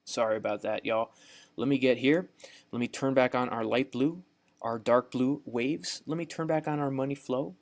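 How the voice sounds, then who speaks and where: Over a shared screen, a young man teaches trading in a Southern US accent, his voice medium-pitched and his speed normal. He's folksy and repeats himself, frequently tossing in "right?" to check in.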